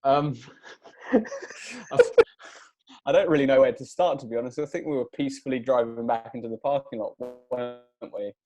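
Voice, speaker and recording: A man's voice: mid-range voice, normal speed, long pauses, dark tone, muffled recording, soft background music. A young man, co-hosting a casual podcast, telling a story and chuckling along the way. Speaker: podcast co-host. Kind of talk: casual chat.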